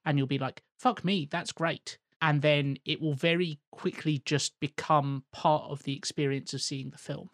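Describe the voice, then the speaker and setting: A man's voice: on the high side, level tone, normal speed, few pauses, no echo, studio quality. A man, an actor, chatting on a podcast and explaining his views thoughtfully with comparisons. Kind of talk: casual podcast chat.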